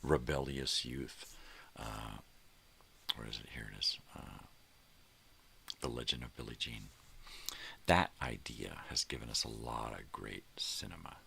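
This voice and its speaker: A man's voice: very deep voice, fairly even intonation, a little slow, vocal fry, long pauses, sharp tone, slight background noise. An older man hosting a morning show, talking in a casual, rambling monologue full of fillers that trail off.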